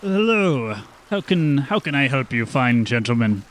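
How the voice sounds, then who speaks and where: A man doing a smooth imperious half-elf smuggler. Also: medium pitch, big pitch swings, a little slow, fairly bright tone. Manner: smooth, formal and wheedling.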